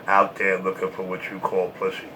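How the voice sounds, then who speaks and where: A man's voice: deep voice, completely flat delivery, moderate pace, a crowd in the background, rough recording. A man trash-talking and taunting in a repetitive, boastful way, short of breath from smoking.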